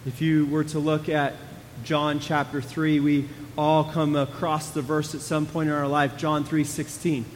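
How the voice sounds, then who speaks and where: A male pastor preaching a sermon in a conversational way, moving between hushed and emphatic. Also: on the high side, flat delivery, unhurried, long reverb tail, a little hiss or hum.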